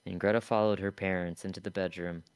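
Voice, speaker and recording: A man's voice: low-pitched, level tone, fast, clear, resonant tone, dry recording. A man streaming live, reading a novel aloud in a casual way, stumbling over words now and then.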